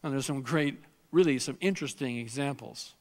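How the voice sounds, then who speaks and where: A man's voice: medium pitch, a little fast, in a large hall. A man preaching a sermon as pastor, earnest and emphatic, repeating phrases and acting out prayers and scripture in a church sanctuary.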